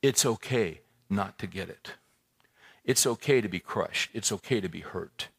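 A man's voice: lowish voice, a little slow, creaky, husky. A male pastor preaching a sermon in a church, speaking conversationally, asking the congregation questions and repeating himself as he builds a point. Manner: conversational, animated preaching with rhetorical questions and repetitions.

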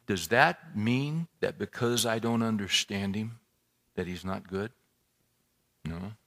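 A male pastor preaches a sermon in a church. He talks casually and asks the congregation questions, repeating words as he builds a point. His pitch leaps high and falls low as his delivery rises and sinks. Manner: conversational, animated preaching with rhetorical questions and repetitions.

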